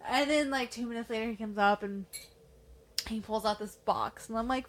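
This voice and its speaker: A woman's voice: on the high side, fairly even intonation, moderate pace. A woman co-hosting a podcast, telling a story in casual chat, laughing often and swearing freely. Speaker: podcast co-host.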